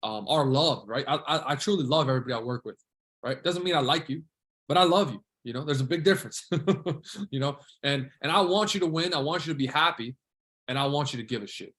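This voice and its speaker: A man's voice: medium pitch, brisk, a bit bright. A man hosting a podcast, chatting casually and earnestly with his guest, swearing freely and calling him bro. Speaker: podcast host.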